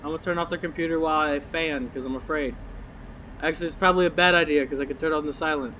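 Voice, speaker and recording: A man's voice: fairly high pitch, steady tone, fast, bright, forceful tone, muffled recording. Young man, horror game commentary, jittery muttering, cursing, faint background hiss. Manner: jittery, swearing, muttering nervously to himself. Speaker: gamer.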